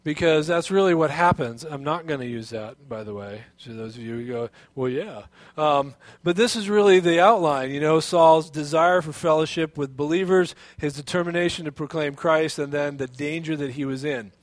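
Man, pastor; lively storytelling sermon, a touch high, dry and close. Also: normal speed, hardly any pauses, dry recording. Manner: animated storytelling, many restarts and fillers.

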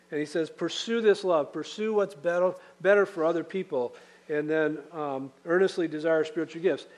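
A man preaching a sermon in an easy, conversational way, his voice sitting a touch high. He talks through his points with fillers and restarts, now and then acting out a quoted line. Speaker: pastor.

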